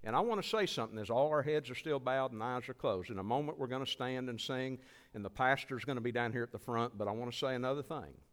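A man's voice: medium pitch, quick pace, fairly bright tone. A man preaching as a visiting evangelist, giving an earnest altar call and repeating his pleas. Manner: earnest, pleading, repeats phrases. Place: church sanctuary. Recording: long church hall reverb.

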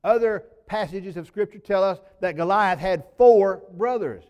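A male pastor, preaching a sermon as folksy storytelling that swings between loud emphasis and sudden low drops. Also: unhurried. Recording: long reverb of a large hall.

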